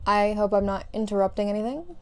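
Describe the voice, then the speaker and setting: A woman reading a story aloud and voicing a calm, gentle teenage girl who speaks plainly and softly. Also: mid-range voice, quick pace, clean tone, lightly acted. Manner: plain, soft-spoken.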